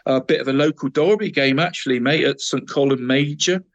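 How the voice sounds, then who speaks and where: A man's voice: mid-range voice, fairly quick, lo-fi sound. A man co-hosting a football podcast, running through local results in a casual, chatty way, dropping "mate" into nearly every phrase and often restarting his sentences. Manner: stumbles and restarts a lot.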